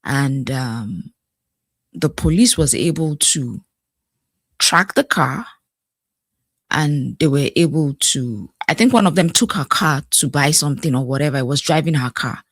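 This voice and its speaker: A woman's voice: sits low, lively intonation, a little slow, dry recording, studio quality. A woman life coach giving an emphatic motivational talk to camera, repeating key words and asking viewers questions.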